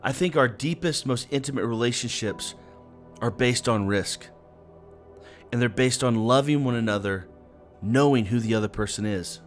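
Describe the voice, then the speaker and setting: A man's voice: medium pitch, normal speed, faint music behind. A man giving an earnest, conversational devotional talk, speaking directly to the listener.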